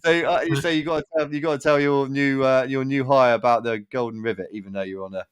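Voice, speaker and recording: A man's voice: mid-range voice, steady tone, fast, clean tone, no room sound, clean studio sound. A man hosting a podcast, chatting casually with an old school friend, swearing and laughing as he tells stories. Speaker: podcast host. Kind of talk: casual chat.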